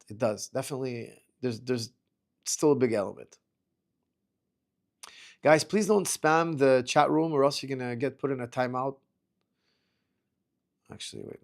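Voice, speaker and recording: A middle-aged male martial arts coach with a gravelly, slightly fried voice, talking loosely during a livestream Q&A. He reads viewers' questions aloud, then answers in a rambling way, repeating and restarting his words as he goes. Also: mid-range voice, a little mellow. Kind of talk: casual livestream Q&A.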